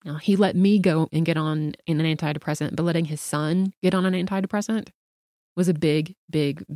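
A middle-aged woman, a podcast guest, telling a personal story in a lively, talkative way with lots of "like" fillers. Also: low-pitched, a little fast, no room sound, clean studio sound. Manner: animated, talkative, frequent "like" fillers.

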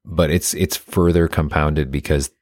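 A man with a remarkably low, deep voice, speaking slowly and thoughtfully in casual conversation. He pauses to search for words and sounds earnest. The recording is dry and close-miked. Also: steady tone, a little mellow, no room sound.

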